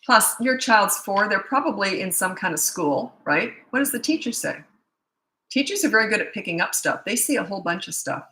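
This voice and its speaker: A woman's voice: medium pitch, lively intonation, fairly quick, pushed and bright. A middle-aged woman, a parenting coach answering viewer questions in a rambling, chatty way that often restarts mid-sentence. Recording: roomy echoey room.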